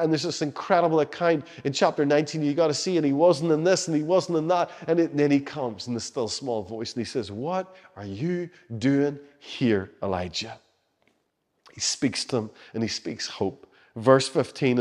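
Impassioned male preacher in a reverberant hall. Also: mid-range voice. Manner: passionate, shifts between loud urging and soft hushed lines. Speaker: pastor. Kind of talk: sermon.

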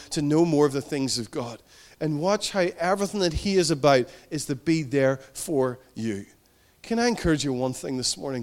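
A man preaching from the pulpit, his voice sitting a little high for a man. He drives points home with repetition and rising emphasis, then drops into soft, tender stretches. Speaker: pastor. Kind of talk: sermon.

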